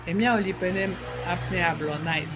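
A man talks in a casual interview, slipping in French words and pausing to find the right ones. His voice sits high, and a faint noise hums behind him. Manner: searching for words, many fillers. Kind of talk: casual conversation.

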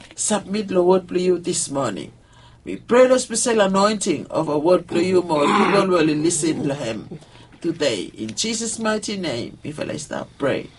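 A man leading an opening church prayer. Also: sits high. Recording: distant mic with faint room noise.

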